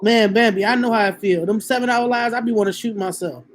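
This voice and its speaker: Woman livestreamer, high pitched voice, loose chatty greetings to her viewers. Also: fast talker. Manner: chatty, greets viewers by name one after another. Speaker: livestream host. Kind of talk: casual livestream chat.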